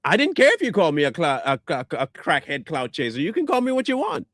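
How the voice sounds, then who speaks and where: A man's voice: fairly high pitch, huge pitch swings, fast, fairly bright tone, no echo. A man ranting back at viewer comments in a combative, sarcastic, insulting way. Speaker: online commentator.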